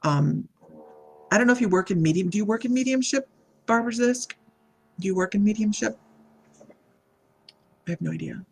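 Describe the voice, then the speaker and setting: A woman with a gravelly, creaky voice giving a live psychic reading to her online viewers. She talks in a halting, meandering way, stopping to greet people by name and read their comments. Her pitch sits in an ordinary middle range for a woman. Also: expressive. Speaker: psychic medium.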